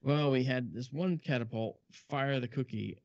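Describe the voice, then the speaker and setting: A man with a gravelly, creaky voice spins chatty stories packed with asides. The sound is dry and close, with a dull, lo-fi tone. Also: medium pitch, moderate pace, dry recording. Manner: chatty, animated, lots of asides. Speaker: guest, film model maker. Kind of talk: anecdotal storytelling. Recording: dull lo-fi audio.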